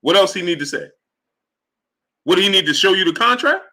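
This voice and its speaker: Bright-voiced exasperated male stream host. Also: animated, brisk. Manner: exasperated, rhetorical, repeats himself; drops to low mutter greeting chatters. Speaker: sports livestream host. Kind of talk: live stream commentary, reading chat.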